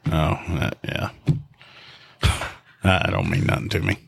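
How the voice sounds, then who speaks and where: Man, low voice, dry close sound, wry side comments. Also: very animated, takes it slowly, vocal fry, breathy edge, dry recording. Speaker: podcast co-host. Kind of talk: casual chat.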